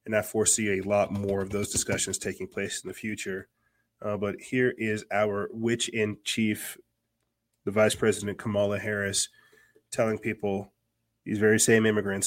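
A man from the United States hosts a podcast of casual political commentary. His voice sits rather low, and he rambles, circling back and repeating words with plenty of fillers. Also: level tone, moderate pace. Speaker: podcast host.

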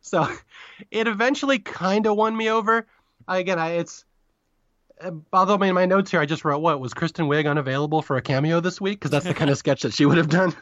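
A man co-hosting a podcast, chatting casually and quickly about a comedy episode, often correcting himself mid-sentence. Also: fairly high pitch, fairly bright tone, dry recording, dull audio. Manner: rapid, chatty, self-correcting. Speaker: podcast co-host. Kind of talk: casual review chat.

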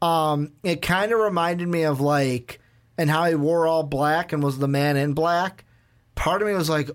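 A man's voice: on the high side, a little slow. A man co-hosting a casual movie review podcast, rambling with lots of "like" and acting out scenes as he retells them. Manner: rambling, peppered with "like". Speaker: podcast co-host.

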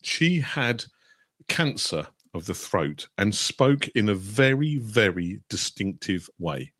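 Hesitant British man, low voice. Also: sing-song, slow, a bit bright, dry recording, clean studio sound. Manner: hesitant, with many fillers and restarts. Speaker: medium, guest. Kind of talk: storytelling in a chat show.

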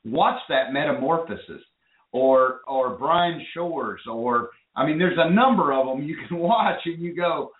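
A man's voice: on the high side, expressive, unhurried. A man hosting a call-in radio talk show, talking with enthusiasm and rambling with restarts. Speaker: show host. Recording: phone-line audio in an echoey room.

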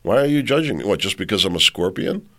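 A man's voice: sits low, very animated, quick pace, a bit bright, full character voice. A man voicing a manipulative scorpion in a mocking, needling sing-song. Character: wheedling manipulative scorpion, male, pushy.

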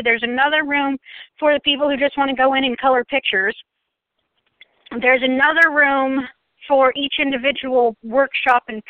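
A woman hosting a casual chat, pushing back hard and tripping over her own restarts. Her voice sits high. It comes through dry and tinny, like a phone line. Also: no room sound. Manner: argumentative, restarts a lot. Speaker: podcast host.

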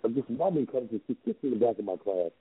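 Animated man telling stories over a phone line. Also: fast, slightly rough, no echo. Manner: emphatic, repeats himself, jumps between pitch levels. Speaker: guest vocal coach. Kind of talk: animated storytelling on radio. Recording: phone-line radio call.

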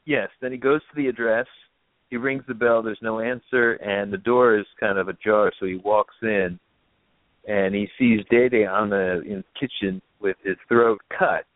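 A man's voice: lowish voice, steady tone, normal speed, no echo. A man casually retelling a film's plot in a rambling, filler-heavy way, as a podcast host. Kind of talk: casual film recap chat. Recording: tinny phone-like line.

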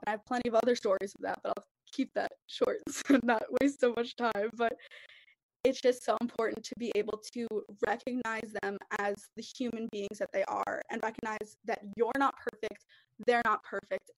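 A woman's voice: on the high side, fairly even intonation, normal speed, no echo, poor audio. A young woman in a podcast group discussion, talking earnestly and rambling with lots of fillers. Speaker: podcast participant.

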